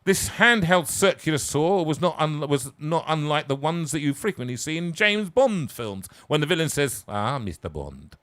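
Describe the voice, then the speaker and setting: Wry storyteller. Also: male voice, fairly high pitch, expressive, moderate pace, few pauses, a bit bright. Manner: wry, self-mocking asides. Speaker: singer and storyteller. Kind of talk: live storytelling, reading his own story.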